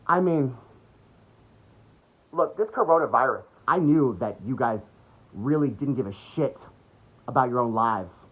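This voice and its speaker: A man's voice: on the high side, lively intonation, normal speed. A man delivering an angry, mocking political rant full of swearing. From United States. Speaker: political commentator. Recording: dull lo-fi recording.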